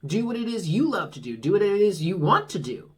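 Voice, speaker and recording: Here the tarot reader sounds very animated, with a medium pitch and a slightly fast pace against slight background noise. It's a casual monthly reading full of frank talk, free swearing, and reassurance, punctuated by laughter at their own jokes.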